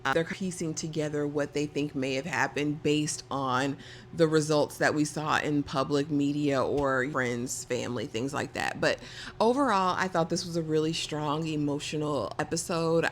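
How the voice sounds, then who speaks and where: A woman's voice: low voice, normal speed, slight background noise. A middle-aged woman, chatting emphatically through a casual TV episode recap. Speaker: vlogger.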